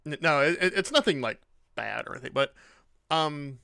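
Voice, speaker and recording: A man's voice: on the high side, lively intonation, normal speed, creaky, bright, forceful tone, clean tone, no echo, studio quality. A man hosting a casual interview, asking questions hesitantly with many ums and restarts. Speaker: interview host.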